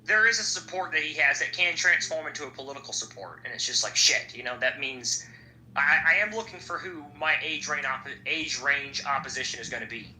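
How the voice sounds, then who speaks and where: A man's voice: on the high side, lively intonation, brisk, sharp tone. A young man hosting a podcast, chatting casually in a rambling, profane way. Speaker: podcast host. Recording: echoey room, faint background noise.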